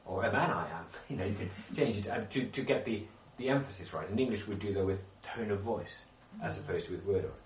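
A man teaches a Bible study group, often turning to them with questions and restarting his sentences. His voice sits very low. He is picked up from a distance in an echoey room, with a faint hum of ambience behind him. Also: fast talker, few pauses, darkish tone. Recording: echoey room, speaker far from mic.

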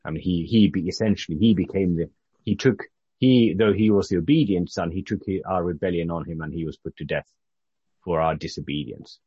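A man's voice: low-pitched, slightly rough, dry recording, highs cut off. A man from Britain leading an informal Bible study, talking conversationally with frequent halts and restarts. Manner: halting, restarts often, conversational.

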